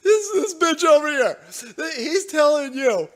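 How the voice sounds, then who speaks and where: Brief: foul-mouthed, mocking male streamer reading chat, high voice. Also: very animated, measured pace, a bit bright, slight background noise. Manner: profane, mocking, laughs often. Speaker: livestream host. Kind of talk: political commentary livestream.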